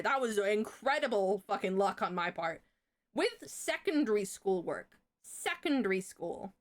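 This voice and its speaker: A woman's voice: mid-range voice, lively intonation, measured pace. A young woman on a livestream, telling a story in casual chat, chatty and swearing freely. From Britain.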